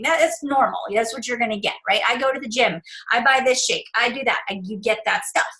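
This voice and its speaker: A woman's voice: on the high side, animated, a little fast, hardly any pauses, pushed and bright, rough recording. A woman business coach presenting on a group call, chatty and informal, often checking in with "right?". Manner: chatty, talks to herself aloud, many "right?" tags.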